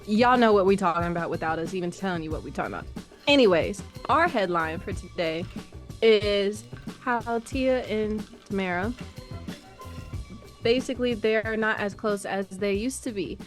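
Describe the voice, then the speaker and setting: A woman's voice: medium pitch, normal speed. Woman, podcast co-host, casual chatty talk, faint music behind.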